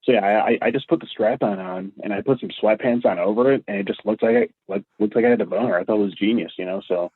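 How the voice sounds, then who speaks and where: A man's voice: fairly low pitch, fast, few pauses, slightly rough. A man, a guest in a casual interview, telling rambling stories with stammers and restarts. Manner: rambling, stammering anecdotes with acted-out quotes. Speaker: guest, former prank video maker. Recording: tinny phone-like audio.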